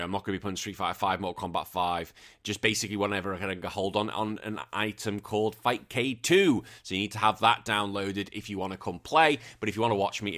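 A British man talks through his podcast news in a loose, rambling monologue. He is casual and self-deprecating, and his voice sits at an ordinary male pitch. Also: a bit bright. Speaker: podcast host.

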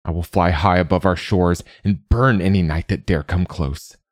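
Man reading a young warrior in a storybook: deep, tense, defiant, dry close sound. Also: steady tone, moderate pace, dry recording, natural voice. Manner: tense, defiant, sometimes shouting. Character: young male warrior, proud and ashamed.

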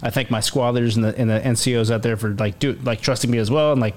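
Talking fast in a medium-pitched voice, a man in his forties who is an army command sergeant major tells a war story as a podcast guest. The interview is casual, and he's animated, acting out quotes and using many fillers and restarts.

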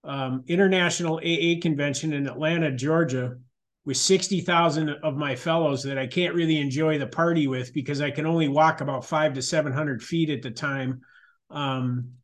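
A middle-aged man gives a personal testimony at a support meeting. His voice sits a little high for a man, and he talks in a candid, conversational way, circling back and restarting his sentences. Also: steady tone, normal speed. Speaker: meeting speaker sharing recovery story.

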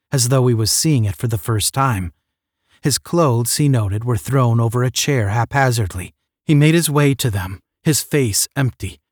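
A man narrating a science fiction audiobook in a steady, measured reading. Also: medium pitch, no room sound, studio quality.

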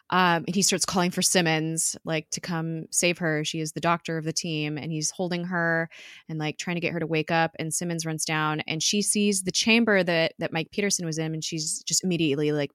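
A woman's voice: fairly low pitch, fairly even intonation, normal speed, fairly bright tone, clear, resonant tone, no echo, clean studio sound. A woman casually retelling a TV episode to a co-host, chatty, with fillers and laughs. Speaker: podcast co-host recapping a TV episode. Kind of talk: casual recap chat.

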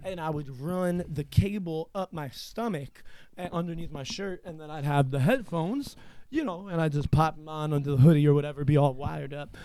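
A man's voice: a little high, normal speed, dark tone, clear, resonant tone. A young man hosting a podcast, telling a long profane story in casual chat. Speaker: podcast host.

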